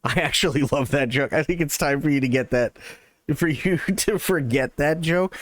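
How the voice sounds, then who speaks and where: A man's voice: on the high side, normal speed, dry recording. A man streaming live, chatting casually with his viewers, thanking them and telling a joke. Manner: chatty, thanks chat warmly. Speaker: livestreamer. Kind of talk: casual livestream chat.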